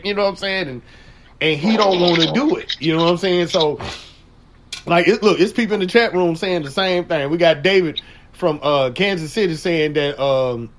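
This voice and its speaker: A man's voice: on the high side, slight background noise. A man hosting a radio talk show, telling stories in crude slang with a lot of laughter. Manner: animated storytelling, frequent laughter, crude slang. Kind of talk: casual chat.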